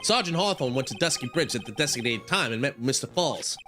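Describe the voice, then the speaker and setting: A man's voice: mid-range voice, sing-song, fairly quick, over music, close to an everyday voice. A man voicing a stiff male police detective in a game read-along, formal and clipped. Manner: formal, clipped, ends with "sir".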